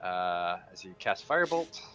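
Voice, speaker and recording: A man's voice: low voice, sing-song, moderate pace, sharp tone, soft background music. A man playing a tabletop game, describing his character's actions in detail. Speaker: player. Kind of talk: casual tabletop game chat.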